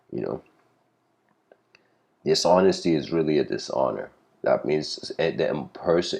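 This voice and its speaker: Deep-voiced guy lecturing, rambly storytelling, keeps correcting himself. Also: gravelly, darkish tone. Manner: rambling, self-correcting, many fillers. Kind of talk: informal spiritual lecture, storytelling.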